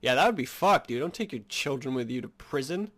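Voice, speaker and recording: A man's voice: medium pitch, expressive, brisk, a bit bright. A man giving casual game commentary, reading story text aloud and rambling with lots of filler words. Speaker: gameplay streamer.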